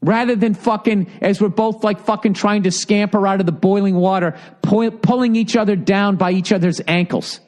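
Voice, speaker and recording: High-voiced man on a profane rant. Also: steady tone, moderate pace, hardly any pauses, a little mellow. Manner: heated, sarcastic, swears constantly. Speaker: comedian podcast host.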